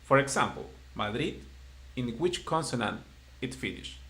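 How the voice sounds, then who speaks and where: A patient male teacher, explaining grammar to a beginner in simple English. His voice has a gravelly, creaky edge, and he keeps reassuring the student as he goes. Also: mid-range voice, expressive, normal speed, fairly bright tone. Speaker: Spanish teacher. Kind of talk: live-streamed online language lesson.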